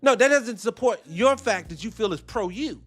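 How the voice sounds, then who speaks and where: A man's voice: high-pitched, lively intonation, normal speed, a bit bright, soft background music. A man giving heated, profane reaction commentary, firing off rhetorical questions.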